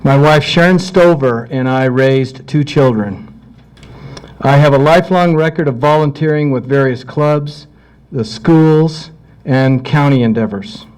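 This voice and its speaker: A middle-aged man speaks as a council candidate in an earnest, measured way, closing a candidate forum. His voice sits at an ordinary middle pitch. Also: darkish tone, smooth, rough recording.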